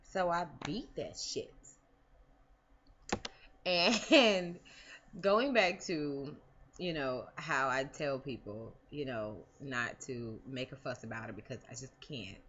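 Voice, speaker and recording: A woman's voice: very deep voice, slow, fairly bright tone, muffled recording, a little hiss or hum. A woman talking casually in a personal vlog, rambling with many fillers and restarts. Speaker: vlogger.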